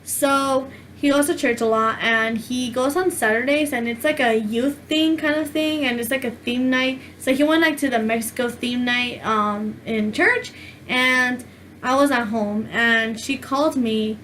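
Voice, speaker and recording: Chatty high-voiced woman telling a story. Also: measured pace, fairly bright tone, slight background noise. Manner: rambling, chatty, heavy use of "like". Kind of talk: casual storytime chat.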